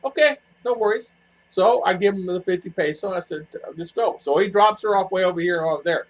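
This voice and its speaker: A man's voice: high voice, fast, rough recording. A man hosting a casual live chat with viewers, rambling with lots of fillers and restarts. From expat living in the Philippines. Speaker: vlog host answering viewer chat.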